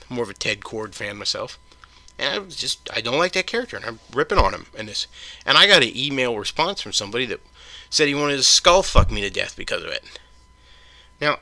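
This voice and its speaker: Bright-voiced man ranting on a podcast. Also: fairly low pitch. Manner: heated, profane, stumbling restarts. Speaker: podcast host. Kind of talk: solo podcast rant.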